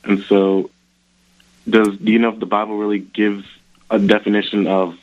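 A man calling in to a radio show, asking a question slowly and thoughtfully. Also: fairly low pitch, level tone. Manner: thoughtful, slow, searching for words. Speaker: caller. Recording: dull lo-fi phone line.

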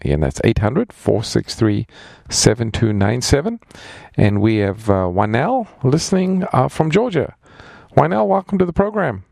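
A man's voice: medium pitch, lively intonation, moderate pace, vocal fry, a little mellow, no echo, studio quality. A man who is a pastor co-hosting a radio Bible call-in program, leading prayer and announcing callers and phone numbers. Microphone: studio microphone.

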